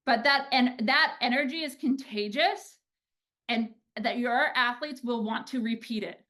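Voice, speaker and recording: A woman in her thirties, a pitching coach, giving an energetic coaching talk and often checking in with "right?". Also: measured pace. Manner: energetic, animated, peppered with "like" and "right?".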